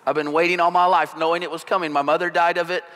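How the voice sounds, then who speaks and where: A man voicing a wife in marriage counseling who speaks in a detached, slow voice, recorded in a reverberant hall. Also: fairly high pitch, a bit bright. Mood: detached hurt. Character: wounded wife in counseling, detached then cheery.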